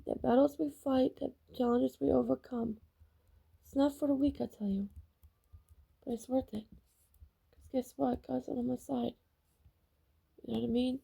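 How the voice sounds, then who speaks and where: Woman vlogger, dark gravelly voice, heated repetitive personal rant. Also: high-pitched, steady tone, normal speed, pauses often. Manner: heated, repetitive and emphatic, swearing. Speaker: vlogger reacting to videos. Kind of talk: emotional personal vlog rant.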